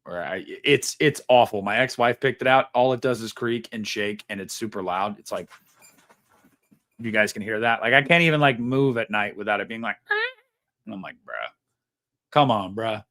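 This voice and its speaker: A man hosting a live stream, reading viewer donations aloud and chatting about them in a relaxed, rambling way full of slang and fillers. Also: fairly low pitch, moderate pace. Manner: chatty, laid-back, lots of fillers and slang. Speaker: livestream host reading super chats. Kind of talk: casual live stream chat.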